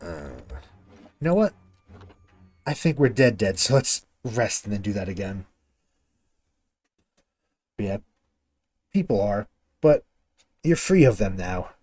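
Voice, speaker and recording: A man's voice: fairly low pitch, very animated, takes it slowly, long pauses, darkish tone. A man streaming a video game, chatting casually with viewers and swearing when a fight goes badly. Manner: talks to viewers while playing. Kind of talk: casual gameplay commentary.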